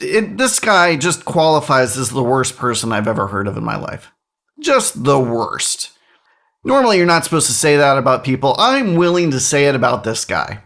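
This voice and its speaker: A middle-aged man who hosts a podcast speaks his mind with indignant force, and his pitch swings widely. His talk is loose and unscripted, with words repeated as he hunts for the next phrase. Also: gravelly, fairly bright tone. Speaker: podcast host. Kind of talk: casual opinion monologue.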